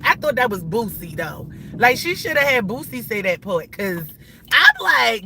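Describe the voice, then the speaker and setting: A woman ranting bluntly and profanely while driving, her voice moving between loud outbursts and hushed asides. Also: fairly high pitch, moderate pace. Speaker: live-stream host. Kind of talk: ranting live-stream vlog. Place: inside a car while driving. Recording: steady car and road noise.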